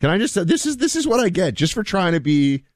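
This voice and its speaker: A male radio co-host in casual, wry talk-radio banter, defending himself with animated storytelling. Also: sits high, fast talker, dry recording, clean studio sound.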